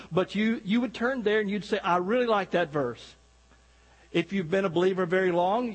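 A man's voice: sits high, husky, in a large hall, low-quality recording. A man preaching as a guest pastor, folksy and joking, talking directly to the congregation. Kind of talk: sermon. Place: church sanctuary.

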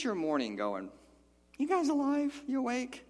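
A man preaching a sermon as a pastor, animated and playful, acting out the quoted lines with big jumps in his voice. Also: very high-pitched, measured pace, in a large hall.

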